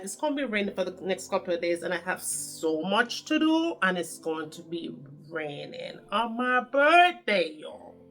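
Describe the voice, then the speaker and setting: A woman's voice: mid-range voice, a bit bright. A woman with a Jamaican accent chatting to camera as a vlogger, telling her story in a chatty, dramatic way. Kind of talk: casual chat to camera.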